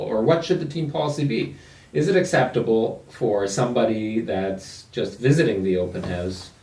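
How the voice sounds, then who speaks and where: Low-voiced male host, easygoing and halting, picked up from far off in an echoey room. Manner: relaxed, hesitant, repeats words. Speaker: real estate podcast host. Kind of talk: casual podcast chat. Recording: echoey room, mic far off, faint noise.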